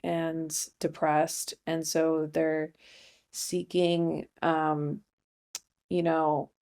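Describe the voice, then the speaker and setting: Rambling young woman comedian, deadpan. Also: low voice, vocal fry. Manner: rambling, self-interrupting, deadpan asides. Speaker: comedy podcast host. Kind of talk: casual comedic monologue.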